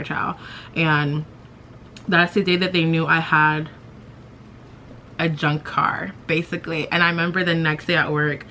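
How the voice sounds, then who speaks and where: Bright-voiced young woman chatting to camera. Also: fairly low pitch, slight background noise. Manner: chatty, heavy use of "like", self-mocking. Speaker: beauty vlogger. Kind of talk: casual storytelling to camera.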